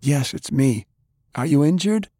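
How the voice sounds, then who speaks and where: A man's voice: on the high side, animated, a little slow, warm tone, no echo, clean studio sound, voice pushed up. An actor playing an earnest, worried young man in an audiobook.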